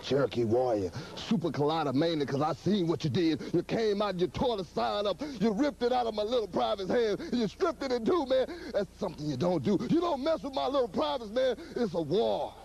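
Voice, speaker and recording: A brash soldier-like wrestling persona, put on by a man, spits threats in a strained, very high, gravelly voice. He trash-talks his rival with swagger, as in an old wrestling promo. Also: expressive, fairly quick, hardly any pauses, darkish tone, slight background noise. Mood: boastful threatening.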